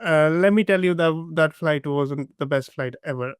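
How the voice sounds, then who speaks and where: A young man from India, a guest recounting his side of a relationship in a measured, halting way with many fillers. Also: fairly high pitch, clean tone, no echo, clean studio sound. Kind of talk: casual storytelling conversation.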